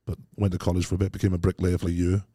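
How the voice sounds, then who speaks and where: A man's voice: sits low, completely flat delivery, very fast, dark tone, no room sound, clean studio sound. A Welsh man telling stories as a podcast guest, rambling and laughing easily, full of British slang. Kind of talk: casual chat.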